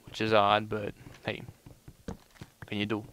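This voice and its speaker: A man's voice: fairly low pitch, monotone, measured pace, a bit bright, a little hiss or hum. A young man giving casual let's play commentary, rambling and full of "you know" fillers. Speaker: gameplay commentator.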